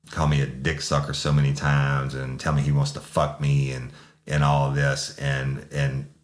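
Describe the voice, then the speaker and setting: A former police sergeant, telling a story in a blunt, profane, rambling way. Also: male voice, extremely low pitch. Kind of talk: casual storytelling.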